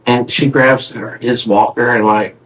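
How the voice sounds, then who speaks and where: A man's voice: medium pitch, fairly even intonation, unhurried, fairly bright tone, rough recording. A man co-hosting a podcast, telling a family story in casual chat, rambling with restarts and fillers. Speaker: podcast co-host.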